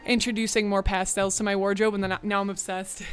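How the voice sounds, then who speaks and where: A woman's voice: medium pitch, level tone, fast, soft background music. A young woman streamer, bubbly and chatty with lots of "like" fillers, talking casually to her live chat from a room at home. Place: home room with a bright window.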